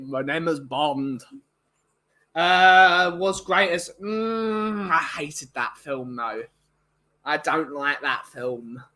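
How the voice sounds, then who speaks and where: A man's voice: a little high, bright, forceful tone. A young man chatting casually and opinionatedly to viewers, rambling with many restarts. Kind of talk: casual chat.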